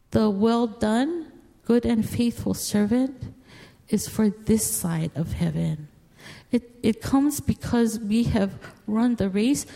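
A woman's voice: fairly high pitch, warm tone. A woman giving an earnest, emotional testimony as a guest speaker in a church, repeating phrases with feeling. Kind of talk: heartfelt spoken testimony. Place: church sanctuary. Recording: long reverb of a large hall.

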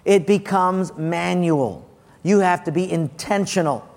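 A man preaching a sermon as pastor, animated in his storytelling and acting out characters with loud bursts. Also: high-pitched, unhurried, vocal fry, long reverb tail.

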